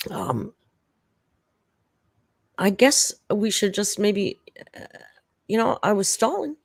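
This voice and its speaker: A woman's voice: fairly low pitch, darkish tone, dry recording, studio quality. A middle-aged woman chatting casually and emotionally on a live stream, rambling and laughing often. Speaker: streamer host.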